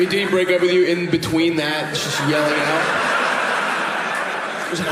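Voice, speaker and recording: A man's voice: medium pitch, moderate pace, long pauses. A male stand-up comedian from the US doing crowd work before a live audience, teasing people with profane jokes and laughing through his lines. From United States. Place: music venue stage before a live audience. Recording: echoey club room with loud crowd noise.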